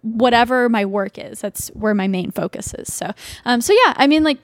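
Chatty young woman, bright higher voice. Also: moderate pace, no echo, studio quality. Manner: chatty, full of "like" and "um", animated. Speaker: podcast guest and video creator. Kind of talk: casual conversational chat.

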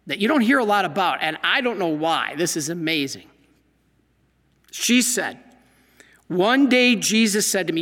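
A man preaching a sermon, reading aloud from a diary and exclaiming over it with animated emphasis. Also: high voice, big-room sound. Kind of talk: Catholic sermon talk.

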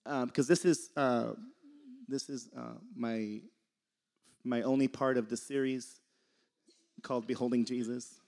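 A man's voice: mid-range voice, steady tone, unhurried, gravelly, long pauses, darkish tone. A young man giving a casual sermon, conversational and laughing often, sometimes losing his train of thought. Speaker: preacher.

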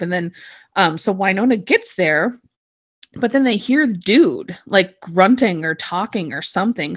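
A woman co-hosting a casual chat, rambling through a recap with lots of fillers. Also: on the low side. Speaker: podcast co-host recapping a TV episode.

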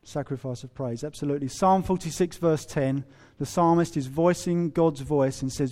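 A man preaching a sermon in a humorous, animated way, acting out quoted voices. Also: a little high, normal speed, hardly any pauses. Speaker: pastor.

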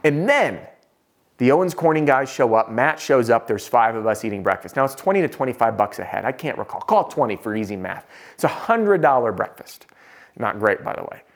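A man teaching sales, telling a self-deprecating story in an animated, conversational way. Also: medium pitch, fairly quick. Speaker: sales trainer.

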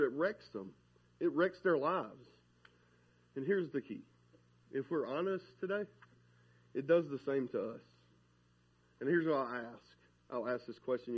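A man, preaching a sermon in an animated, conversational way and often asking "right?". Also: fairly high pitch, moderate pace, long pauses, slightly rough, muffled recording. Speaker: pastor.

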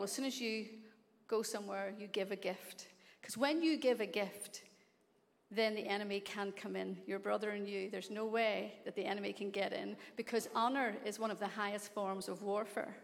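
A woman's voice: medium pitch, creaky. Northern Irish woman preaching in a hall. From Northern Ireland. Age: older. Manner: effusive, laughing, rising to excited exclaims. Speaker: guest preacher. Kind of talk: warm church address. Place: large church sanctuary. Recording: long hall reverb.

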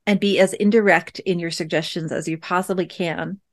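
A woman's voice: on the low side, steady tone, moderate pace. A woman in her thirties hosting a podcast, telling a personal parenting story in a chatty, reflective way with many fillers. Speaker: podcast host and parent coach. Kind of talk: casual storytelling monologue.

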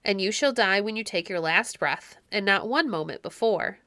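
A woman's voice: medium pitch, lively intonation, normal speed, pushed and bright, no echo. Woman doing a cheerful, clever shepherd. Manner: hearty, reassuring. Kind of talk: audiobook reading.

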